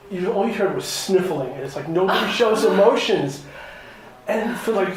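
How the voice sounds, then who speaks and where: Rambling man interviewer in an echoey room. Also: high-pitched. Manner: rambling, many restarts, emotional. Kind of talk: casual film interview. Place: hotel room at a film festival.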